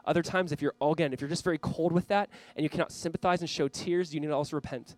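Earnest pastor with a fairly high voice. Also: male voice, steady tone, fast talker, darkish tone, dry recording, poor audio. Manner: earnest, urging the listeners directly. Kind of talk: sermon. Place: church, speaking to a camera for online viewers.

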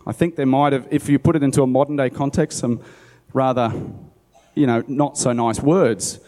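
A man's voice: medium pitch, fairly even intonation, moderate pace, dark tone. A man preaching, reading a Bible story aloud and chatting about it in a conversational, musing way. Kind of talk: sermon, Bible reading with commentary. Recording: long hall reverb.

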